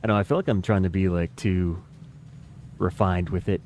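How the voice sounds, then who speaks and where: Casual American male streamer, lowish voice, rambling and self-mocking chat with viewers. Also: steady tone, normal speed, darkish tone. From United States. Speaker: game streamer. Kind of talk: casual live-stream chat while playing.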